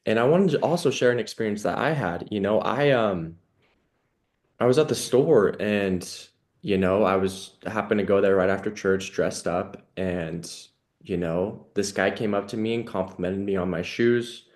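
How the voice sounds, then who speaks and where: A man's voice: on the low side, moderate pace, darkish tone. A man hosting a podcast, talking in an earnest, reflective way with many "you know" fillers. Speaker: podcast host. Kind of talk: casual conversational interview.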